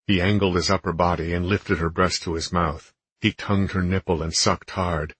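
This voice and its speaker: A man narrating a romance audiobook in a steady, measured reading. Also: low voice, slightly rough, no room sound. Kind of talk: scripted narration.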